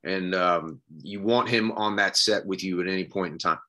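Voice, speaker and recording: A man, an actor on a reunion panel, speaking earnestly and haltingly with many pauses and fillers. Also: sits low, pushed and bright.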